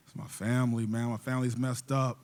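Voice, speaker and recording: A man's voice: mid-range voice, a little mellow. A man doing a stand-up comedy set on a theater stage into a handheld mic, telling casual profane stories and laughing often between punchlines. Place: theater stage before a live audience.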